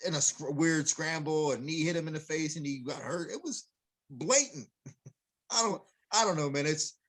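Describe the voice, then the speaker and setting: A man's voice: on the high side, normal speed, a bit bright. A man talking as a podcast guest, an MMA coach, in casual chat, heated and emphatic, laughing when he gets fired up.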